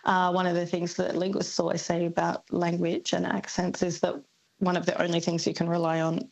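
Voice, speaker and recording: A woman academic gives a radio interview in a lowish voice with a gravelly, husky edge. She answers thoughtfully and pauses often on ums while she works out her points. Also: completely flat delivery, darkish tone, low-quality recording. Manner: thoughtful, hesitant with many ums. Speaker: linguistics academic guest.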